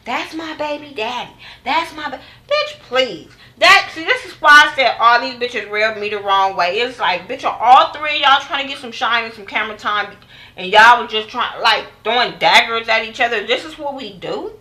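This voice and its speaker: Bright-voiced woman giving a profane, animated recap. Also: a little high, normal speed, rough recording. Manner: animated, profane, acts out quotes of others. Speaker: TV show reviewer. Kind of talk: casual recap vlog.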